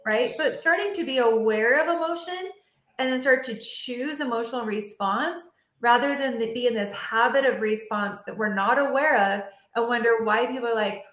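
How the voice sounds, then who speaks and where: A woman hosts an interview and tells animated stories, slipping into the voices of the people in them. Her voice sits a little high. The room around her is echoey. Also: normal speed. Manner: animated storyteller acting out dialogue. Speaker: podcast host. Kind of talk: casual interview chat.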